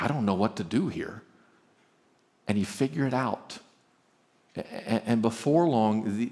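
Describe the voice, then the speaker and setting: Animated middle-aged male preacher. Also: medium pitch. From Arkansas. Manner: earnest, emphatic, stumbles and repeats openings. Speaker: pastor and marriage speaker. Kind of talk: conference talk, preaching.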